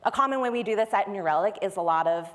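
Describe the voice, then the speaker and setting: A woman presents a technical talk at a conference, her voice sitting in a middling pitch range. She walks through ideas step by step in an easy, conversational way. A long reverb from the large hall trails behind her words. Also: animated, fast talker. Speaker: conference speaker.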